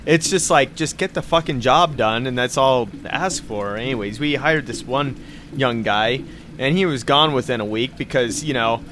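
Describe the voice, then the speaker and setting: A man's voice: mid-range voice, moderate pace, a bit bright, a little hiss or hum. A man hosting a podcast in casual chat, laughing often and swearing freely. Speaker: podcast host.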